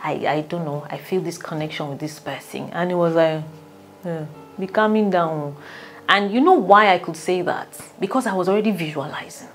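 Lively Nigerian woman telling her story. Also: lowish voice, normal speed, faint music behind. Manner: animated, laughs often, acts out quotes. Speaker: relationship coach. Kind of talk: personal storytelling.

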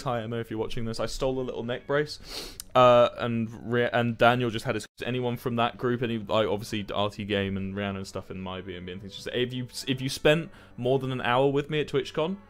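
Rambling, sweary streamer. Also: male voice, mid-range voice. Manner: rambling, sweary, animated storytelling. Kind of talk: casual stream chat.

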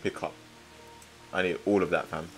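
A young man giving excitable, slang-heavy let's-play commentary, swinging between muttering and loud outbursts. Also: low-pitched, moderate pace, soft background music. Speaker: gaming streamer.

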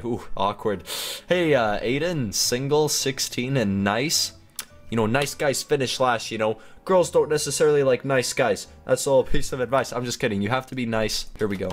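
A man giving chatty gameplay commentary as a gaming YouTuber, talking to himself and giggling often. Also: medium pitch.

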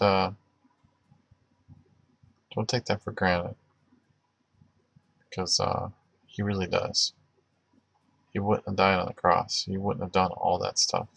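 Male livestream host, low gravelly voice, loose rambling delivery full of restarts. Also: little pitch movement, measured pace, long pauses, a bit bright. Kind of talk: casual livestream chat with prayer.

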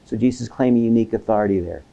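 A man's voice: lowish voice, rapid-fire, gravelly, warm tone, highs cut off. A man giving a seminary lecture on the Bible. He asks questions and answers them himself, and keeps checking in with his listeners with "right?".

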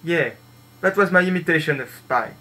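A man from France speaks English with a French accent in a high, bright voice. He rants slowly and crudely, boasting one moment and mocking himself the next. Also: poor audio. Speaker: gaming vlogger. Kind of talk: crude comedic rant.

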